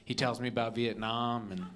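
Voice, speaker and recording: A man's voice: mid-range voice, pushed and bright. A young man doing stand-up on a comedy club stage, punchy, with "okay?" after each joke. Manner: punchy, adds "okay?" and "all right?" after jokes.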